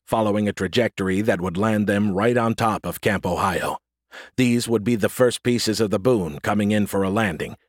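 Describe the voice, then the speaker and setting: A man reading science fiction narration in an audiobook, with an even, clear storytelling delivery. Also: on the low side, dry recording, studio quality. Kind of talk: scripted narration.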